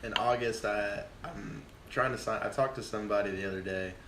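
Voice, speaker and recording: A man in his twenties, a podcast guest, telling a casual story in a profane, animated way and acting out what people said. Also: fairly low pitch, a little fast, very noisy. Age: 20s. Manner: profane, animated, acts out quotes. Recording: echoey room.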